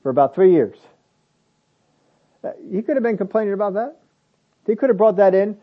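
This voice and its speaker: A man's voice: high voice, brisk, pauses often. Emphatic preaching man, lo-fi. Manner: conversational, rising to emphatic lists. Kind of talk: sermon.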